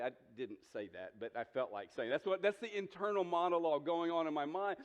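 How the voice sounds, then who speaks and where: A man's voice: a little high, animated, fairly quick, hardly any pauses. A man in his forties preaching a sermon as a pastor, earnest and direct, often repeating words as he starts a sentence and asking the congregation questions. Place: church sanctuary. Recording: dull sound with long hall reverb.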